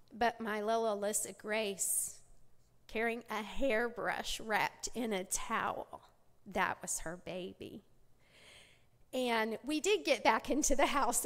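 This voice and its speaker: A middle-aged woman giving a personal testimony at a church women's conference, storytelling with many restarts. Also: fairly high pitch. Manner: storytelling, many restarts, acts out quoted voices. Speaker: conference speaker. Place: church sanctuary. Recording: long hall reverb.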